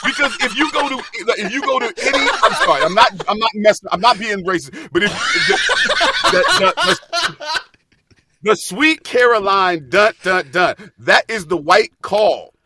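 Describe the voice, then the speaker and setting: A man guest on a casual podcast chat, telling lively stories, acting out quotes and laughing often. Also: high-pitched, moderate pace, noisy background. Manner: animated storyteller, acts out quotes, laughs often. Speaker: Broadway actor guest.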